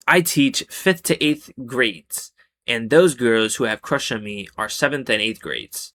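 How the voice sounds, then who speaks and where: A man reads Reddit stories aloud in a loose, casual way, with a voice that sits at a middle, ordinary pitch. He keeps cutting in with sarcastic, exasperated remarks about what he reads. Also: a bit bright. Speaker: Reddit story narrator. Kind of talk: reading posts with casual commentary.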